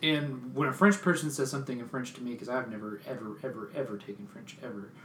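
A young American man in an easygoing chat with friends, spinning a story and jumping into other people's voices as he quotes them. His voice sits at a middle pitch and rings a little in a roomy space, with a faint hiss behind it. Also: fast. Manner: animated storyteller, acts out quotes, swears casually. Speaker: friend in casual conversation. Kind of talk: casual chat among friends. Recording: roomy echo with faint background noise.

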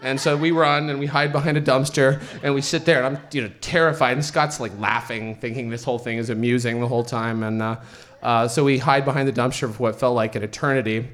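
A man's voice: mid-range voice, steady tone, fast talker, a bit bright. A man telling a rambling, profane personal story to an audience.

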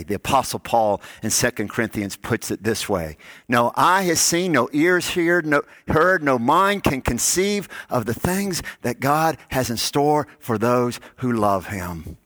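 Male pastor mid-sermon, storytelling, close dry sound, sinks low and quiet to make points. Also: expressive, measured pace, dry recording. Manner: storytelling, drops to soft low tones on key lines.

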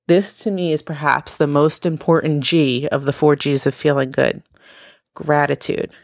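A woman with a low voice and a gravelly edge talks through self-care advice in a casual, earnest way. Her tone is encouraging and conversational. The sound is dry and close. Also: dry recording. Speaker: wellness speaker. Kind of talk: casual motivational talk.

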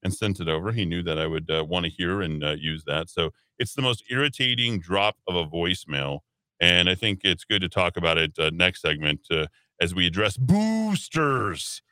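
A man hosting a talk radio show, giving opinionated commentary in an animated, sarcastic, rambling way. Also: deep voice, a little fast, clean tone, dry recording. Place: radio studio.

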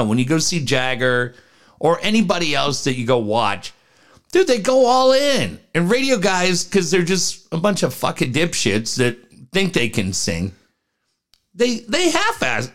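This is a man co-hosting sports talk radio in loose, casual banter. His voice sits a little high with a gravelly edge, and his pitch swings widely as he tells stories. He swears freely and acts out the people he quotes. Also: a bit bright.

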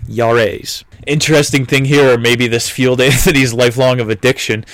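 A young American man in his twenties riffs on a book in a loose, irreverent way, swearing and laughing as he goes. His voice sits at an ordinary middle pitch. The sound is dry and close, with no room echo. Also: fairly even intonation, fairly quick. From United States. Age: 20s. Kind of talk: casual book commentary.

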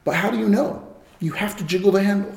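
A man's voice: sits high, fast talker, gravelly. A man guest in a church interview, speaking earnestly, quoting scripture and firing off rhetorical questions. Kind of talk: casual interview with preaching. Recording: echoey room, faint noise.

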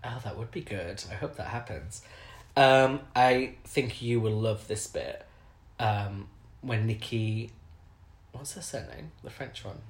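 A man co-hosting a casual podcast conversation, teasing his friend and breaking into laughs. His voice sits at an ordinary pitch. It carries a roomy echo. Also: slow. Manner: chatty, teasing, laughs often. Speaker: podcast co-host. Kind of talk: casual chat.

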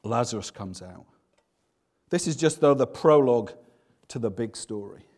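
A man preaching a sermon, swinging between loud, emphatic passages and hushed, slow ones. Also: mid-range voice, lively intonation.

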